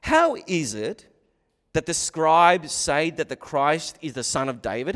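A man preaching a sermon in a church hall, his voice sitting a little high for a man. He speaks emphatically, rising and falling and often repeating words. A long hall reverb trails after each phrase. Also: big pitch swings, measured pace, fairly bright tone. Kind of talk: expository sermon.

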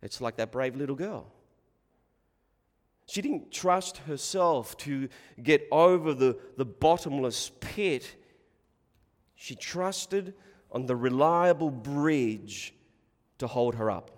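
A man preaching a sermon in short, deliberate phrases with long pauses. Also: mid-range voice, expressive, long reverb tail.

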